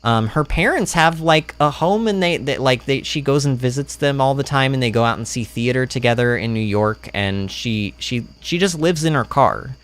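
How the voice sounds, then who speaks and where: A man's voice: mid-range voice, normal speed, few pauses, fairly bright tone. A man giving rambling, self-deprecating commentary during a gameplay livestream, speaking into a streaming microphone.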